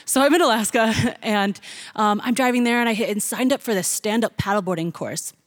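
Lively, higher-voiced young woman telling a story. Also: a little fast, no room sound. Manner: animated, laughing, mimics excited voices. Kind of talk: personal story told to an audience.

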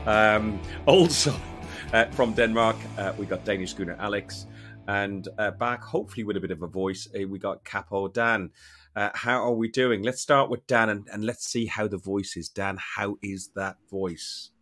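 A man hosting a casual podcast, joking and teasing his co-hosts with loud bursts. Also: on the low side, normal speed, soft background music. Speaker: podcast host.

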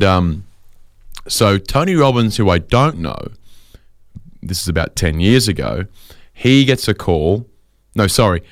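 A young man tells a rambling comic story, often stopping to correct himself and going off on animated asides. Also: lowish voice, dry recording, studio quality.

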